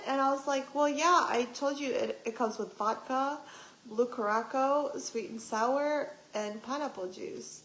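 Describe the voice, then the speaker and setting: A young woman vlogger telling a story to her live chat in a casual, animated way, swearing and acting out what people said. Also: high-pitched, measured pace, reverberant, low-quality recording. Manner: animated, swearing, acts out quoted voices. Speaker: vlogger on a livestream.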